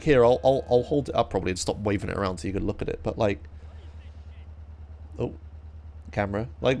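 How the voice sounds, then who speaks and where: A young man from England chatting casually on a live stream, ranting in disbelief with lots of swearing and laughter. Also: mid-range voice. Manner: animated, incredulous ranting with frequent swearing and laughs.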